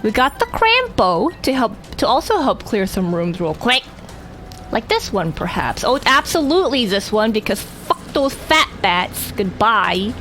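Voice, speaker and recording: High-voiced woman rambling over gameplay. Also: a little slow, soft background music. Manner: rambling, animated, swears casually. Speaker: gameplay streamer. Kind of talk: casual gameplay commentary.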